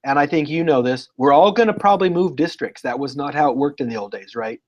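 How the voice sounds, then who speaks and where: A man talking as a guest educator in a casual interview, telling lively stories and acting out what people said. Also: a little high, fast, poor audio. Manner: animated storyteller, acts out quotes.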